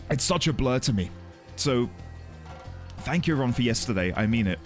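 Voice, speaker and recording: A man's voice: medium pitch, animated, brisk, soft background music. A man streaming live, chatting earnestly and emotionally with his audience and greeting viewers by name. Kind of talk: casual chat with a live audience.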